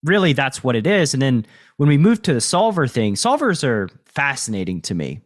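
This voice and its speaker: A man hosts a podcast in a relaxed, conversational way. He leans on fillers like "like" and "you know" and swears casually as he talks through ideas at an even middle pitch. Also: normal speed. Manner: loose, filler-heavy talk with casual swearing. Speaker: podcast host and poker coach.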